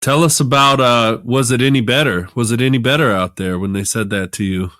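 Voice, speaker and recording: A man co-hosting a podcast in an easygoing, chatty way, with a voice of middle pitch. He acts out little back-and-forth exchanges. The sound is dry and close. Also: no echo. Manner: relaxed, chuckling, acts out quick exchanges. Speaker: podcast co-host. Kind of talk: casual recovery podcast talk.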